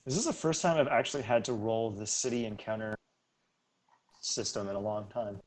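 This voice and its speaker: A man running a tabletop game as game master, narrating casually with lots of ums and quick laughs. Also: fairly low pitch, a little mellow. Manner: casual, easily laughing, with many fillers.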